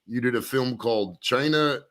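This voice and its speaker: A man's voice: mid-range voice, normal speed, fairly bright tone, a little hiss or hum. A man hosting a podcast, asking casual questions in a hesitant, stumbling way. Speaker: podcast host.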